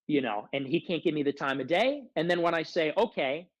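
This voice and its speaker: A man's voice: a little high, lively intonation, brisk, no echo. A man ranting angrily and profanely as a guest on a talk stream, aggrieved and repeating himself. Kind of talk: heated rant. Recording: dull lo-fi dry sound.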